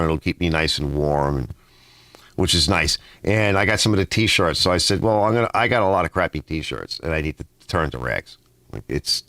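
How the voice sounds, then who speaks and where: A man talking casually in his home garage, reading out viewer comments and wandering into long personal stories. His pitch rises and falls a lot, and the sound stays close and dry. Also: fairly bright tone, no room sound. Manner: rambling, personal storytelling full of restarts. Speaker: host of a garage channel.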